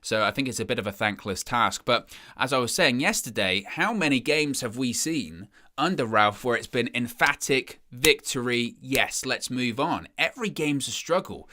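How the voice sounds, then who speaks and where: Young bloke hosting a live footy stream, chatty and self-deprecating, mid pitch, kinda bright tone. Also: male voice, animated, moderate pace, hardly any pauses. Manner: chatty, self-deprecating, reads out viewer comments; rambling with frequent restarts and "you know". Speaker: host of a live match watchalong stream. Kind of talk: casual live-stream chat.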